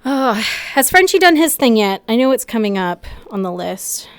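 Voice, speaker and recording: A woman streaming a role-play game in a VR headset, teary and sniffling, murmuring quietly as she chats between scenes. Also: a little high, sing-song, normal speed, clean tone. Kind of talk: casual chat between scenes. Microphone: VR headset mic.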